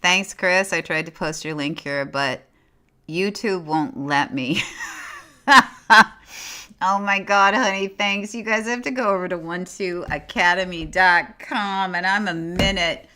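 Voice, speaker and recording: Low-pitched woman with a bright, forceful tone, hosting a casual livestream and encouraging viewers from the chat. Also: a little slow. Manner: encouraging, reads viewer chat aloud and answers; warm and effusive. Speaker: livestream host.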